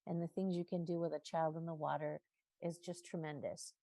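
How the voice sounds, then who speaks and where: A woman's voice: low-pitched, steady tone, fairly quick, dark tone, no room sound. A woman giving an earnest, heartfelt public comment at a city council meeting. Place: city council chamber at a podium.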